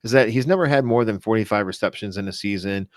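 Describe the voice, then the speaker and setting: A man with a lowish voice chats casually about football, circling back on his thoughts and restarting sentences often. The sound is dry and close, with no room around him. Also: fast, no room sound. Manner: rambling, lots of restarts and self-corrections. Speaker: podcast co-host. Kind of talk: casual fantasy football chat.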